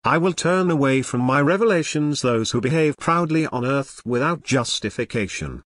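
A man reading a scripture translation aloud in a solemn, measured way, pausing after each short clause. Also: medium pitch, expressive, fairly bright tone, no room sound, clean studio sound. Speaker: scripture reader.

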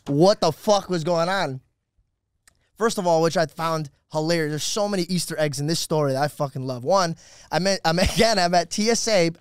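Man, podcast co-host, casual swearing banter, dry close mic, higher voice. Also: clean tone, no echo. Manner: laughing, expletive-heavy banter. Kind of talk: casual storytelling.

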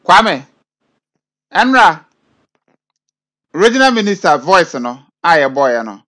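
A man's voice: on the high side, sing-song, takes it slowly, bright, forceful tone. A man hosting a casual online video chat, asking his co-host leading questions.

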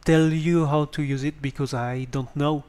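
A man with a French accent giving a hesitant spoken tutorial on a basic microphone, pausing often with ums and restarts. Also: on the high side, steady tone, darkish tone. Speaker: tutorial presenter.

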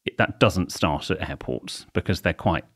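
A man's voice: low voice, animated, normal speed, a bit bright. A man co-hosting a comedy podcast, telling wry, rambling anecdotes in casual chat. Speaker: podcast co-host.

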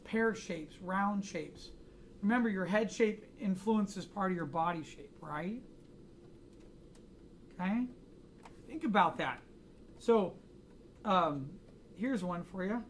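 An American art instructor with a high voice teaches a drawing class, chatting casually and joking through anecdotes for his students. He speaks slowly with long pauses, and there is slight background noise.

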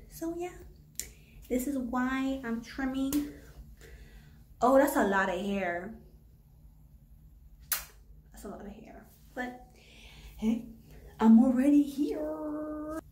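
Flustered lady vlogging her own haircut, swears a lot, nervous laughs, slow talker, echoey room. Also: high voice, mellow, slight background noise. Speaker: hair vlogger. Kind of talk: casual vlog commentary.

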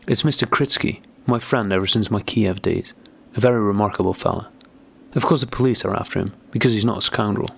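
A man's voice: fairly low pitch, brisk, gravelly, breathy edge. A man doing an angry, agitated sickly man. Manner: angry, abrupt, raised voice.

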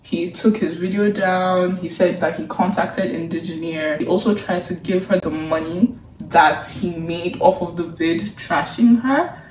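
A woman's voice: fairly low pitch, measured pace, a little mellow, slight background noise. A young woman recapping a webtoon in a casual, chatty way, sarcastic and exasperated, saying "like" a lot. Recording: roomy sound from a distance.

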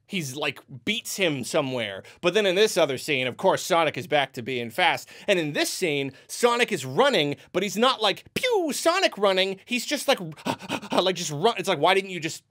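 A man delivering a ranting movie review in an exasperated, rambling way. His pitch swings widely as he stumbles through restarts and acts out quoted reactions. The delivery stays lively and loose throughout. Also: normal speed.

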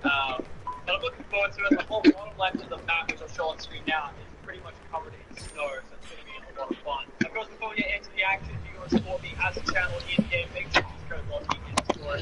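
High, lively man in a distant gaming video. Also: fast talker, over loud music. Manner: upbeat presenter patter addressing viewers. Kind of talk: energetic gameplay video intro. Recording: distant sound buried in loud noise, played from a video.

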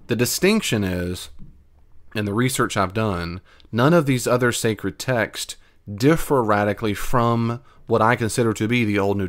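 A man hosting his own podcast, answering listener questions in a folksy, earnest, conversational way. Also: on the low side. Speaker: podcast host.

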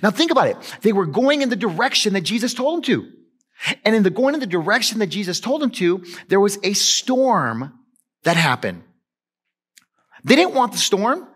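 Animated male pastor preaching. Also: high voice, normal speed, slightly rough. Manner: animated, conversational preaching with emphatic swings from loud to hushed. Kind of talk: sermon.

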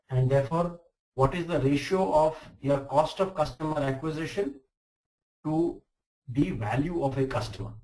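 A man's voice: fairly high pitch, darkish tone, low-quality recording. A middle-aged man, a venture capital expert answering webinar questions frankly with a chain of probing questions.

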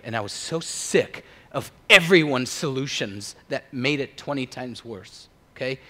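Lively, emphatic man preaching. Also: mid-range voice. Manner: emphatic, swings from hushed to loud. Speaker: pastor. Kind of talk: sermon.

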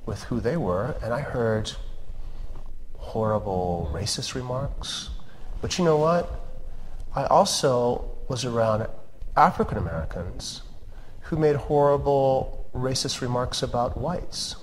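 A man from Appalachia, a surgeon telling his life story in an interview, in an earnest, measured, firm way. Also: mid-range voice. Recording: lingering reverb, faint background hum.

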